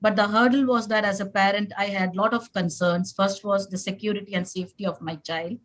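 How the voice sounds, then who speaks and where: A woman in her forties, a parent on a conference panel, talking in an earnest, halting way with some emotion. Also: mid-range voice, steady tone, poor audio. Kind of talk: panel discussion sharing.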